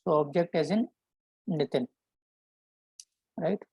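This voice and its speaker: A man teaching a programming lesson, explaining step by step and often checking in with a quick "right?". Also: on the high side, vocal fry, a little mellow, husky, no room sound, poor audio. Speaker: programming instructor. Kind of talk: live coding lesson.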